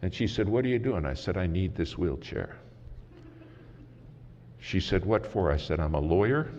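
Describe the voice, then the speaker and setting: A man preaching a sermon as a story, dramatic and swinging from loud to hushed, recorded in a large conference hall. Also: sits low, expressive, moderate pace. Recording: muffled hall recording with faint hiss.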